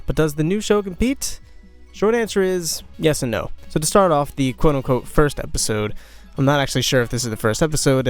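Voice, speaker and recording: Young guy rattling off a cartoon review, chatty and opinionated, quiet music under him. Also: medium pitch. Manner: opinionated, conversational, jokey asides. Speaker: cartoon reviewer, channel host. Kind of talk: casual spoken review.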